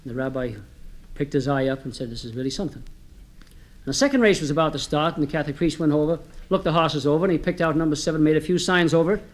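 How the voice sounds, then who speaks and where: A man's voice: a little high, fast. A man telling folksy jokes on a comedy record, chatty and homespun, speaking straight to his listeners. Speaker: comedy storyteller.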